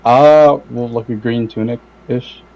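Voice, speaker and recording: A man's voice: medium pitch, fairly even intonation, slow pace, muffled recording. Hesitant man playing a tabletop game. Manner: hesitant, filler-heavy. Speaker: player. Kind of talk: casual tabletop game chat.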